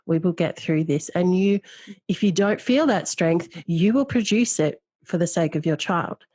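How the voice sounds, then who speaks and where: A woman with a low voice hosts a heartfelt podcast chat. She talks earnestly and reflectively, leaning on key words. Her voice sits close and dry, with no room sound around it. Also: expressive, normal speed, a little mellow, no echo. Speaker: podcast host. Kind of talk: emotional podcast conversation.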